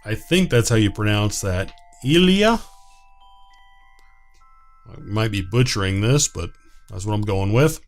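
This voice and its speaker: A man's voice: on the low side, lively intonation, moderate pace, faint music behind. A man playing a visual novel and giving hesitant asides between the lines he reads. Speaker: video game player. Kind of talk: let's play commentary.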